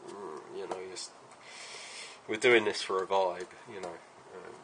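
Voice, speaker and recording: A man's voice: low voice, fairly even intonation, a little slow, a bit bright, a little hiss or hum, low-quality recording. A British man casually talking through a hobby build in his workshop, rambling with plenty of ums and uhs.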